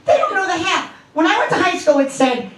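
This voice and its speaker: A woman's voice: extremely high pitch, expressive, fairly quick, very noisy. A woman in her fifties from Long Island doing a stand-up comedy set, brash and profane, telling stories in a conversational way. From Long Island, New York. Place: comedy club stage. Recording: echoey club from a distant mic.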